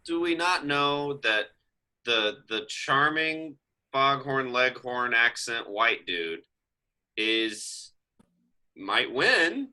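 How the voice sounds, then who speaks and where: A man's voice: medium pitch, extremely slow, poor audio. A man co-hosting a casual comedy podcast, riffing wryly in long storytelling runs. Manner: wry storytelling riffs with lively asides. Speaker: podcast co-host.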